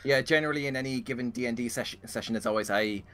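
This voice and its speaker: A man with an ordinary mid-pitched voice, trading dry, teasing remarks in a casual gaming chat. He often sinks his voice low for effect. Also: rapid-fire, a bit bright. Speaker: player in the gaming session.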